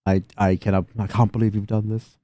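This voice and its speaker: A man's voice: lowish voice, little pitch movement, a little fast, mellow, slight background noise. A man running a tabletop game, laughing often and voicing slangy street characters in loose, profane chat. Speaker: game master.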